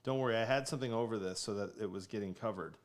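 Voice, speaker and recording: A man hosting a casual live stream from his home kitchen, upbeat and joking, quick to laugh. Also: fairly low pitch. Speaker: streamer host.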